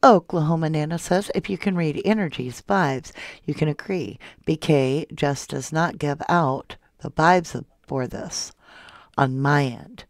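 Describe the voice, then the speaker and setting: A soft-spoken woman hosting a true crime livestream, reading viewer comments aloud and calling her viewers love and honey. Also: low-pitched, unhurried, dry recording, studio quality. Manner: affectionate toward viewers, calls them love and honey. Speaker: true crime channel host.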